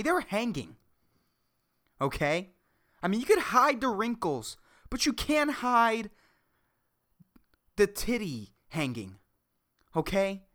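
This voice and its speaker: A woman's voice: mid-range voice, fairly bright tone. A woman voicing a blunt older lady, a big TV-watching woman who keeps asking "okay?". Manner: blunt, sassy, repeats "okay?".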